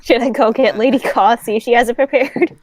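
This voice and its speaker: A woman playing a tabletop game, making quick, upbeat suggestions. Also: fairly high pitch, fairly even intonation, a little mellow. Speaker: player. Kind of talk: casual tabletop play.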